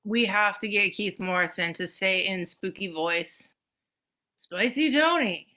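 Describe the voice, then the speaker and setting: A woman's voice: mid-range voice, fairly even intonation, unhurried, sharp tone. A woman co-hosting a podcast in casual chat, blunt and playful, swearing casually. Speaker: podcast co-host.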